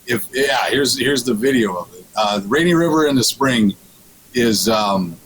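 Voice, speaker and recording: A man speaks casually as a radio guest, his voice sitting in an ordinary middle pitch. He rambles with many restarts and breaks into laughter, and a faint noise sits under the voice. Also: expressive, unhurried, fairly bright tone, poor audio. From Minnesota.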